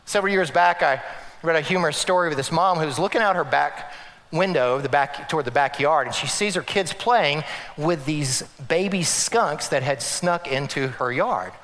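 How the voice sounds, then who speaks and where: A man preaching a sermon as a pastor, animated, acting out quotes and mixing in humor. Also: high voice, long reverb tail.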